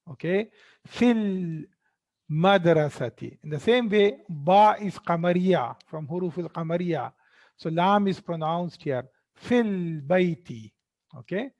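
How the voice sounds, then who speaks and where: A male Arabic teacher working through a textbook, speaking slowly and patiently. His voice sits a little high, and he repeats each word twice so learners can follow. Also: darkish tone. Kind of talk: textbook explanation lesson.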